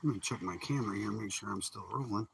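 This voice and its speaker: A man's voice: fairly low pitch, fast talker, gravelly. Laid-back, folksy fishing guy on a creek. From Michigan. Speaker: fishing streamer. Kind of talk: casual live-stream chatter. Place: kayak on a creek outdoors. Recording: distant mic outdoors with faint noise.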